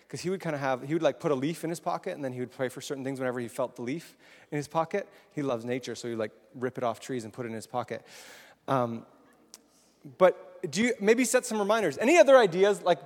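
A man's voice: on the high side, darkish tone. A man giving a casual sermon to a congregation, chatty and questioning the audience. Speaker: preacher. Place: large hall with congregation. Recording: long echoing hall reverb.

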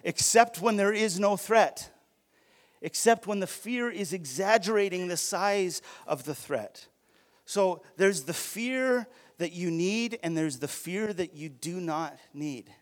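Male pastor, slightly high voice, earnest and conversational, stumbles and restarts as he preaches. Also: slow. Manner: conversational, earnest, with frequent restarts and quoted asides. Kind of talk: sermon.

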